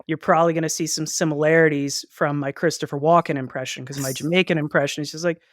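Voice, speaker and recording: A man's voice: on the high side, steady tone, fast talker. A man co-hosting a podcast in casual chat, rambling and joking with lots of asides. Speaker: podcast co-host.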